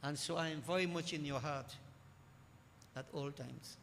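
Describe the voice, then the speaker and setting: A preacher quoting a gentle, loving god, in a ringing hall. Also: male voice, on the high side, fairly even intonation, normal speed, gravelly, a little hiss or hum. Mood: tender reassurance. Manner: gentle, reassuring, solemn. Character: divine son, calm loving male deity. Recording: echoey hall with faint ambience.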